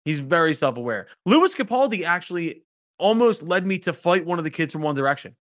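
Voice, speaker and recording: A man's voice: on the high side, very animated, brisk, fairly bright tone. A man hosting a podcast, telling loose, profane stories in casual chat. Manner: loose, profane storytelling with laughs. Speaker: podcast host.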